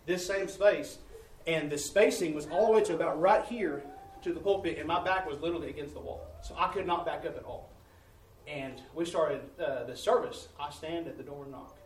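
A male preacher shares a testimony from the pulpit and tells it with lively, laughing energy. His voice sits a touch high. He is caught from a distance in a roomy church with faint ambient noise. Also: moderate pace. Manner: animated storytelling with laughter and repeated "I said". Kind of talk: sermon testimony. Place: church sanctuary.

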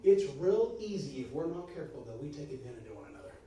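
A man's voice: a little high, sing-song, fast talker, dark tone, a little hiss or hum. A middle-aged man, preaching a folksy, earnest sermon. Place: church sanctuary. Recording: echoey room from far off.

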